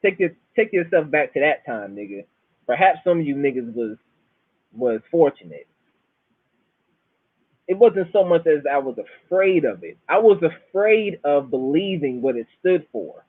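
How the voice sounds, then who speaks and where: Unhurried and sing-song, a fairly high, breathy male voice with a Florida Southern accent hosts a loose monologue of stories, swearing, and easygoing slang. The recording has no echo and a dry, tinny, phone-like quality.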